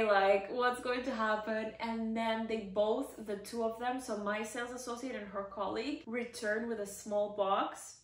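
A woman vlogger telling a personal story to camera in a chatty, excitable way, full of "like" fillers. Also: on the high side. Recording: roomy echo.

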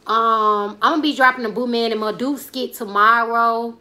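Bright-voiced chatty woman in her twenties. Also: fairly high pitch, fairly even intonation, normal speed. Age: 20s. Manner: chatty, slangy, rambling, laughing asides. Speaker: comedian and YouTuber. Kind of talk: casual live-stream chat reading viewer comments.

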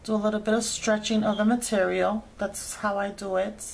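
A woman's voice: mid-range voice, level tone, normal speed, creaky. Chatty woman talking through a sewing project. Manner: chatty, explains each step with fillers. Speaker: craft tutorial host. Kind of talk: casual sewing tutorial narration.

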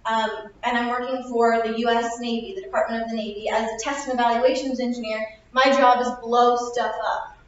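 High-voiced young woman, echoey room. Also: flat delivery, brisk, few pauses, a little hiss or hum. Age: 20s. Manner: upbeat, chatty, self-mocking. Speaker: opening speaker. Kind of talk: motivational speech. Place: classroom. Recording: echoey lo-fi room recording from far off.

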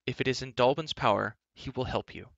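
A man's voice: mid-range voice, a little fast, vocal fry, a bit bright, dry recording. A man voicing an earnest young male hero who speaks urgently, in a storybook reading on a dull lo-fi recording.

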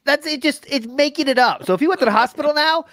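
A man's voice: extremely high pitch, fast, a bit bright, dry recording, clean studio sound. A man co-hosting a podcast in a rambling, casual chat, laughing often. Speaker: podcast co-host.

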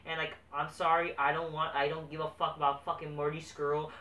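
Exasperated, foul-mouthed man as a wrestling reviewer, bright voice, roomy off-mic sound. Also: a little high, little pitch movement, brisk, few pauses, recorded from a distance. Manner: profane, exasperated, swears constantly. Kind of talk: casual ranting review. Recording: echoey room, off-mic, faint background noise.

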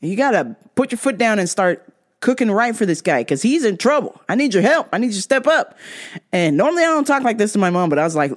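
A woman hosting a podcast in casual chat, blunt and profane, with bursts of loud laughter. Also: medium pitch, big pitch swings, fast. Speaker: podcast host.

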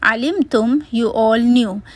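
A woman's voice: a little high, takes it slowly, dry recording. A woman teacher reading a word-by-word grammar lesson, methodically spelling out root letters and terms.

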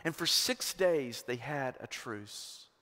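A man preaching a sermon as pastor, rising to loud emphatic peaks and dropping to hushed lows. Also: expressive, slow pace. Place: church sanctuary. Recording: long hall reverb.

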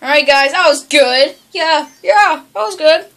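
A woman giving excited video game commentary, yelping, groaning and bickering as she plays. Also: high voice, measured pace. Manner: excitable, yelps and groans, bickers with toy characters. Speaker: gaming channel host.

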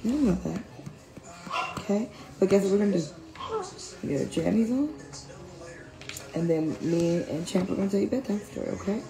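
A woman speaking as a mother, softly coaxing and reassuring her daughter in a home video. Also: medium pitch, animated, moderate pace, creaky, pauses often, reverberant, poor audio. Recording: background music.

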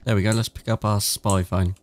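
A British man from England, a gaming YouTuber, gives chatty, casual let's-play commentary, swearing freely and reading game text aloud. His lowish voice is level in tone and fairly quick, and the recording is very noisy.

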